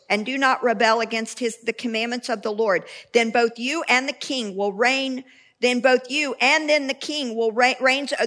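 A woman preaching a sermon, reading scripture and telling stories in a conversational, animated way with asides and restarts. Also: fairly high pitch.

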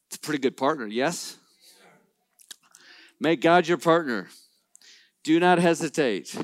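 Lively, higher-voiced man telling a faith story. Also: measured pace, dry recording. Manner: animated, acts out quoted dialogue, playful asides to the crowd. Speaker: Christian business speaker. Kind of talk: storytelling talk to a live audience.

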